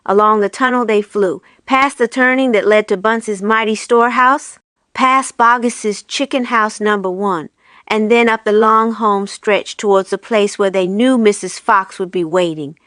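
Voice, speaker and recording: Storybook reader, woman; steady, smooth narration, dry close sound. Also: medium pitch, measured pace, no room sound. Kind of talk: reading a children's book aloud.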